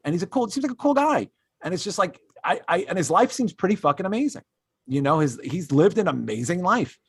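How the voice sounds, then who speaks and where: A man's voice: high-pitched, big pitch swings, brisk, a bit bright, husky, no room sound, studio quality. A man hosting a casual comedy podcast, ranting in an exasperated way with lots of fillers and restarts. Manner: switches to mocking put-on voices when quoting others. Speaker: podcast host.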